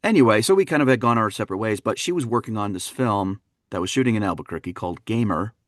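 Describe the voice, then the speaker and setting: A man from Wisconsin, a dialect coach, telling stories on a podcast in an animated, laughing way. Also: fairly low pitch, fast, dry recording, clean studio sound. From Wisconsin, USA. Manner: animated, laughing, fond of voicing characters. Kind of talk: anecdotal storytelling in a podcast interview.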